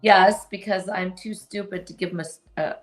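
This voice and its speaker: A woman's voice: medium pitch, fairly even intonation, moderate pace, faint music behind. A woman co-hosting a casual chat, self-deprecating and hesitant, often trailing off mid-sentence. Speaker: co-host.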